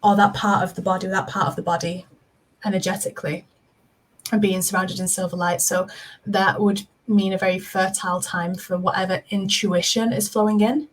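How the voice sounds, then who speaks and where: A woman gives a spiritual reading over a video call, her voice sitting at a middle pitch. She talks in a soft, flowing, reassuring way. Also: level tone, normal speed, poor audio. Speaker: intuitive reader, guest. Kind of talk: live-stream spiritual reading.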